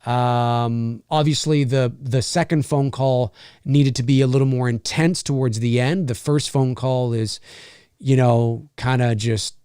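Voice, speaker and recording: A man hosting a live question-and-answer stream as a voice actor, talking in a rambling, animated way and swearing freely. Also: mid-range voice, a little slow, smooth, no room sound, clean studio sound. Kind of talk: casual live-stream chat.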